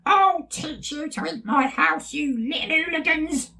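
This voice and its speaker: A man's voice: very high voice, unhurried, gravelly, bright, forceful tone, far from the mic, pitched above the performer's own voice, exaggerated voice. A man voicing a cackling, nasty old female witch in a children's story. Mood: furious.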